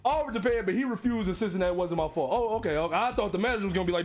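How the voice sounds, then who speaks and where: A man reading online stories aloud, breaking off to riff and laugh loudly with lots of swearing. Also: sits high, lively intonation, racing, soft background music. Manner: loud laughter and profane riffing between readings. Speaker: streamer reacting to stories.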